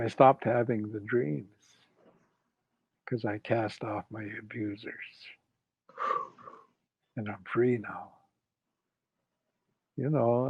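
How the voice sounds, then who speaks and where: An older man from Canada, a guest in an interview, slowly and reflectively telling a personal story and retelling what others said. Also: mid-range voice, slightly rough, no room sound. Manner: slow, reflective, retells quoted speech. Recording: dull lo-fi dry sound.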